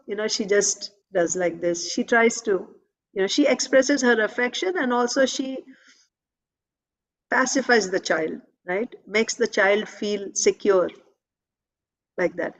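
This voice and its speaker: A woman's voice: fairly high pitch, fairly bright tone, rough recording. A woman reading and explaining a devotional scripture in a class. She repeats phrases and often checks in with "right?".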